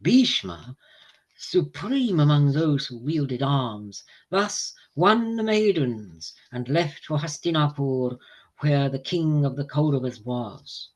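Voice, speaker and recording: A man reading an ancient epic aloud to a group. He reads in a measured, deliberate way and pauses between phrases. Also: on the high side, lively intonation. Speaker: reader of scripture to a group.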